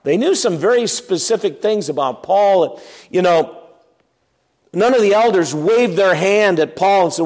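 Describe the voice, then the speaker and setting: Animated preacher with lively swings. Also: male voice, sits high, a little slow. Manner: animated, emphatic, swings between loud and quiet; acts out quoted objections. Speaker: pastor. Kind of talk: expository sermon.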